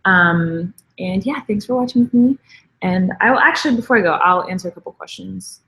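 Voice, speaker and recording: A woman's voice: mid-range voice, a little fast, fairly bright tone, reverberant, rough recording. A woman chatting casually on a live stream, gushing and rambling with lots of filler words. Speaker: vlogger and show creator.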